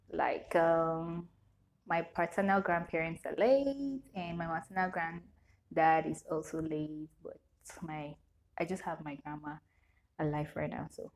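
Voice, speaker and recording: A young woman with a Nigerian English accent, vlogging in a casual question-and-answer chat, reading each question aloud and answering it with frequent laughter. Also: low voice.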